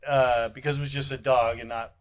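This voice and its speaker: Halting, questioning podcast co-host. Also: male voice, medium pitch, level tone. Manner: halting follow-up questions with restarts. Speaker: podcast co-host, county deputy. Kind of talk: casual podcast chat.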